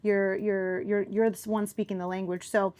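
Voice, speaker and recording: A woman's voice: mid-range voice, flat delivery, normal speed, darkish tone. A woman hosting a podcast, encouraging her guest with casual jokes. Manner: encouraging, jokey, swears casually. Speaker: podcast host. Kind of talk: casual interview chat.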